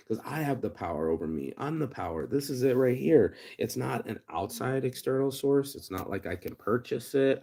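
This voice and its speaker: Profane ranting man, low-pitched. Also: a little mellow. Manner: ranting, profane, with frequent restarts and acted-out quotes. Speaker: vlogger. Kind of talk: unscripted monologue.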